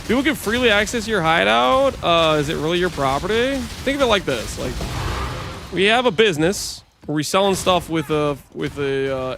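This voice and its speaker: A man streaming a game, chatting casually with his viewers in a joking, animated way. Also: fairly high pitch, creaky, slight background noise. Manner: joking, animated, talks to chat. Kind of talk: casual gameplay commentary.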